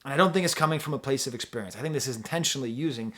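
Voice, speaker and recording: Man, music reviewer, casual rambling talk, mid-pitched voice, chatty and loose. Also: rapid-fire, a bit bright. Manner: rambling, chatty, many fillers and restarts, laughs easily.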